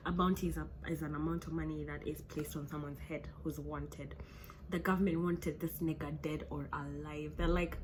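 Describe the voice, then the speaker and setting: A woman's voice: low-pitched, level tone, moderate pace, slight background noise. A woman, a vlogger telling a true crime story in a chatty, joking way with many asides.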